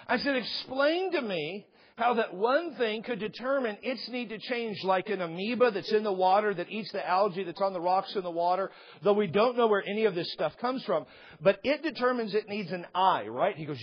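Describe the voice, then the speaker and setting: A man's voice: sits high, brisk, slightly rough. A man preaching a sermon as a pastor, impassioned and emphatic, repeating phrases for effect, on a slightly dull recording.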